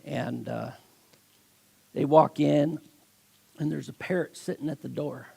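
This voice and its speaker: A man's voice: on the high side, steady tone, a little slow, gravelly, darkish tone, slightly rough. A man preaching a sermon as a guest speaker, telling stories with acted voices and emphatic delivery.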